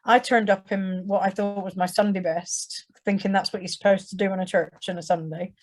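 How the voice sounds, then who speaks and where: A woman's voice: medium pitch, steady tone, brisk, darkish tone. A young English woman telling her testimony to a church audience in a conversational way, with frequent restarts and acted-out quotes. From England. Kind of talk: personal testimony told to an audience.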